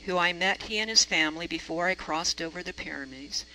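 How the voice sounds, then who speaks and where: A woman preacher spins a personal story in a chatty, self-deprecating way, her voice bright and forward. A faint hum sits under her voice. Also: lowish voice, fairly quick, poor audio. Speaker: reverend. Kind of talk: storytelling sermon.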